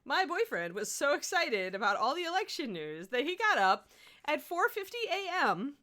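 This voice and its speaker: Young woman host, casual and chatty, a bit tired, with an animated, lively delivery. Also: sits high, normal speed. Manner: chatty, laughing, talks to her dog between remarks. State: sleepy after a broken night. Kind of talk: casual livestream chat while painting miniatures.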